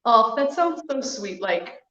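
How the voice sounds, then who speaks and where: A woman's voice: fairly high pitch, big pitch swings, measured pace, pushed and bright. Chatty woman guest in an echoey room. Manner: chatty, laughs along. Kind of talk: casual chat. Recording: echoey lo-fi audio.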